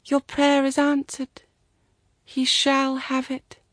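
A woman voicing a disembodied spirit at a forest shrine, speaking slowly and softly in a hushed, otherworldly way. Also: high-pitched, completely flat delivery, no room sound, clean studio sound, voice pushed up. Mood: solemn.

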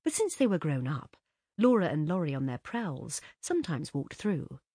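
A woman reading a literary story aloud as narrator in an expressive, measured way. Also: low-pitched, slightly rough, no echo, studio quality. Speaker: audiobook narrator.

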